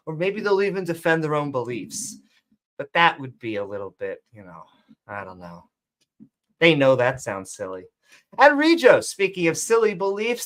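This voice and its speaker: A woman hosting a live online call show, reading shout-outs to supporters and dropping sarcastic jokes in a sing-song voice. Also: low-pitched. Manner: joking, sarcastic asides, sing-song bursts. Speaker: show host.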